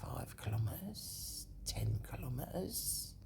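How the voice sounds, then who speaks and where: A woman with a low voice that swings widely in pitch talks slowly. She thinks out loud, catches and corrects her own words, and slips into whispers now and then. There is a faint hiss behind her. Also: sing-song, creaky. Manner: thinks aloud, corrects herself, drops into whispers. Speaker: video host. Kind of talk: rambling walkthrough on a map.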